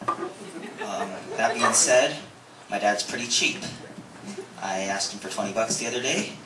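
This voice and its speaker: A young man doing a stand-up comedy set in a comedy club, deadpan and self-mocking. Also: lowish voice, measured pace. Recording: echoey club recording from far off, very noisy.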